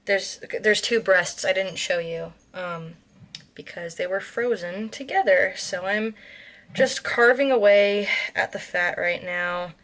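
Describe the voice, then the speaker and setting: An American woman talks her way through a home cooking vlog in a loose, rambling way. She fills gaps with ums, restarts her sentences and corrects herself as she goes. Her voice sits at an ordinary middle pitch for a woman. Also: slow, fairly bright tone. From United States. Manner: rambling, chatty, with frequent ums and self-corrections. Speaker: vlogger. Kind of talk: casual cooking vlog chat.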